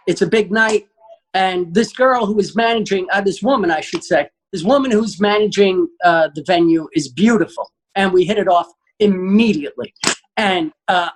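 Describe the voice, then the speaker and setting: A man, a guest comedian telling an animated, profane story and acting out the quotes. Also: high-pitched, a little hiss or hum, low-quality recording.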